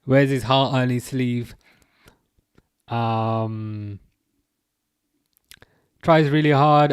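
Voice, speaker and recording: A man hosting a casual live football watchalong, reading out chat, laughing often and tripping over his words when he gets excited. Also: medium pitch, very slow, pauses often, clean tone, no echo, clean studio sound. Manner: excitable, laughing, stumbling restarts. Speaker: livestream host reading chat.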